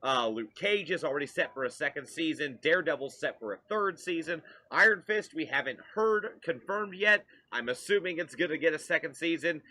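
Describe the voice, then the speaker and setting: A man co-hosts a casual streamed talk show, running through entertainment news with lots of "uh" fillers. His voice is fairly high and bright, with a forceful edge. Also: expressive, fairly quick, few pauses. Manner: chatty, newsy, frequent "uh" fillers. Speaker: co-host.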